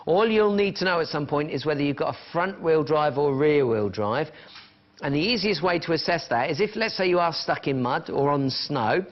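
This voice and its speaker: A man's voice: on the high side, expressive, normal speed, highs cut off. Chatty shopping-channel salesman. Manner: chatty, counts down falling prices. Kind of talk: live TV sales pitch. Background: music.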